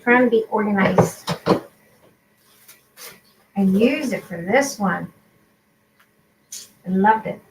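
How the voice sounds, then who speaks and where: A woman whose first language is Spanish, chatting excitedly with viewers while she hosts a crafting livestream. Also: medium pitch, takes it slowly, pauses often. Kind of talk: casual live-stream chat. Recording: echoey room, faint background noise.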